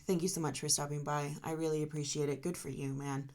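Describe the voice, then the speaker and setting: Low gravelly-voiced woman reading tarot. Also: steady tone, fast, hardly any pauses, darkish tone. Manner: emotional, encouraging, addresses viewers directly. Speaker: tarot reader.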